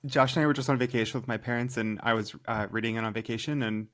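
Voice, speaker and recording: Male podcast co-host, mid-pitched, chatty interviewer. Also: fast talker. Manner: lively, fillers like "like". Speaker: co-host, editor. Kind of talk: casual interview talk.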